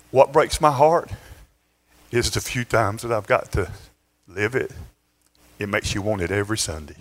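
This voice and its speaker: A male pastor, telling a story in his sermon in a conversational way, with chuckles and restarts. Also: fairly low pitch. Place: church sanctuary.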